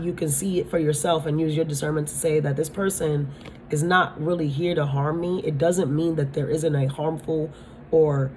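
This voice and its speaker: Woman doing a spiritual reading, lowish voice, blunt and swears a lot, keeps asking "you understand", faint hiss behind her. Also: a little mellow. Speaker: tarot reader.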